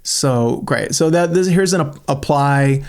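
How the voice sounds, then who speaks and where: A man hosting a screen-recorded walkthrough of a software tool, thinking aloud in a chatty, enthusiastic way as he clicks through it. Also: on the high side, a little slow, smooth. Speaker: channel host reviewing a software tool.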